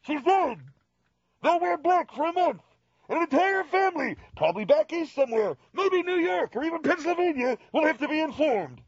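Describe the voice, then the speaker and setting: A man doing a shrill scolding dad, yelling high-pitched warnings, pitch way up, dull lo-fi sound. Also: big pitch swings, normal speed, dry recording, full character voice. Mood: grimly dramatic. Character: shrill middle-aged male dad, grim driving instructor. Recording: slightly dull lo-fi recording.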